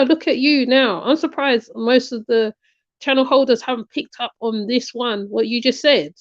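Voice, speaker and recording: A woman's voice: fairly high pitch, no echo. A woman giving casual reaction commentary, emphatic and repetitive, often checking in with "right?". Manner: emphatic, repeats her points, asks "right?" often. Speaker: commentary channel host. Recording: dry, slightly muffled lo-fi recording.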